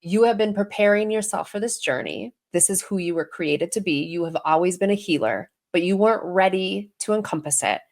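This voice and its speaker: A woman guest on an interview podcast, telling her story in a casual, animated way and acting out the voices she quotes. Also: medium pitch, brisk, hardly any pauses. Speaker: guest, intuitive healer and medium.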